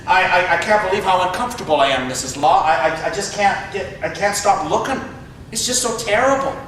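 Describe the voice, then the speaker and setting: A stammering, tactless newspaper reporter, put on by a man telling a story on stage. He fumbles over his words and repeats himself nervously. The voice sits high and rings out through a very echoey hall, picked up from a distance. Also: lively intonation, fairly quick, fairly bright tone, slight background noise. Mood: uneasy. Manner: stammering, awkward.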